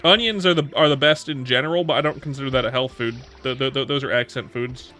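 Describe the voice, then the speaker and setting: A man's voice: mid-range voice, fast talker, pushed and bright, faint music behind. A man in his thirties chatting casually on a livestream, answering viewer questions in a rambling way with many restarts and repeated words. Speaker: streamer.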